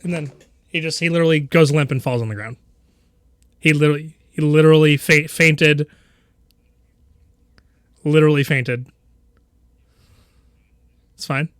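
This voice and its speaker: A man's voice: on the high side, fairly even intonation, moderate pace, long pauses, no room sound, studio quality. A man narrating a tabletop game as game master, rambling with many fillers and laughing often.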